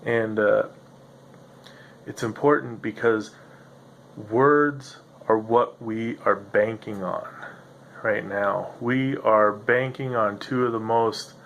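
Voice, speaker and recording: A man's voice: fairly low pitch, fairly even intonation, takes it slowly, vocal fry, a bit bright, muffled recording, a little hiss or hum. A man hosting a solo podcast, musing in a meandering, self-interrupting way with a slightly nasal voice. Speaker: podcast host. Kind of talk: rambling solo monologue.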